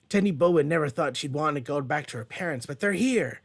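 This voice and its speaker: Speaking fairly fast with few pauses, this man reviews comics page by page from his home, a dog close by. He's animated, creaky-voiced and pitched on the high side, rambling along with many fillers and now and then a curse.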